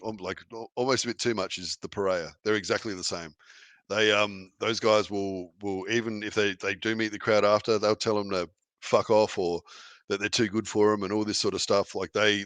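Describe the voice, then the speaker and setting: A man, a wrestler guest, speaks in a low but bright, forceful voice. He rambles easily and restarts his sentences often. The recording is dry and close. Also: no room sound. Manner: rambling, many restarts and fillers, easygoing. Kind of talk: casual interview chat.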